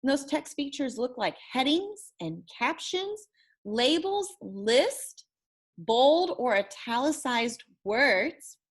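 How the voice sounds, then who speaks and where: A woman's voice: high voice, a bit bright. A woman teacher giving a recorded lesson, encouraging, who repeats words and stretches sounds to model them. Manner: slow, encouraging, drawn-out praise.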